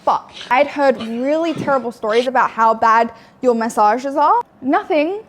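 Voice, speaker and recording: Young woman vlogger, fairly high voice, blunt, swears a lot, talks in fillers. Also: expressive, normal speed. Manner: blunt and frank, swears often, many fillers. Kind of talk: candid storytelling.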